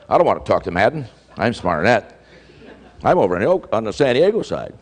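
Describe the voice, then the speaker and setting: A man's voice: medium pitch, big pitch swings, quick pace. An older man giving a keynote talk to an audience, telling stories animatedly and acting out quoted exchanges. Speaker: motivational speaker. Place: large hall before a live audience. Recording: speech with long hall reverb.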